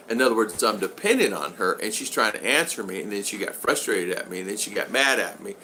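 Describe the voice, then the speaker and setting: A man's voice: on the low side, expressive, a little fast, hardly any pauses, sharp tone, a little hiss or hum. An older man hosting a casual live-stream vlog, rambling along and reading out viewer comments. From United States. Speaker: vlog host.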